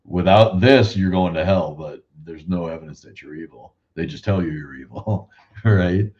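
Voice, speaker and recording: Deep voiced guy hosting a loose chat stream, swears a lot, cracks jokes, muffled lo-fi audio. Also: moderate pace, a little mellow. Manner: joking, profane, rambling asides. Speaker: show host. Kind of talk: casual livestream chat.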